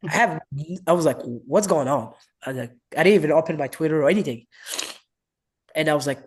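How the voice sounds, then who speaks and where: Man, French accent, wrestling coach, casual storytelling, fairly high voice, acts out quotes. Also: brisk, slightly rough. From France. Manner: animated, acts out quoted voices, broken English.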